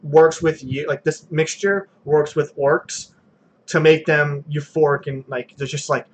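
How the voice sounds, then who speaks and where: A man's voice: a little high, steady tone, unhurried. A man narrating a tabletop game as game master, loose and chatty, with filler words.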